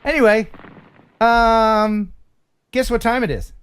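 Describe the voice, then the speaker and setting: A man's voice: extremely high pitch, slow, a bit bright, clean tone. A man hosting a casual live stream, joking and rambling with his co-hosts. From United States. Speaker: livestream host.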